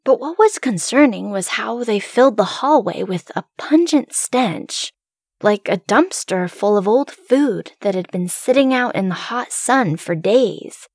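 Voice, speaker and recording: A woman reading a first-person horror story aloud, hushed and suspenseful. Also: a little high, animated, a little slow, dry recording, clean studio sound.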